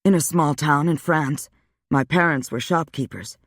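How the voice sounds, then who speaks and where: A man voicing a weary, wry male vampire, speaking low and subdued in a dry audiobook reading. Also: moderate pace, a bit bright, no room sound. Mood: steady.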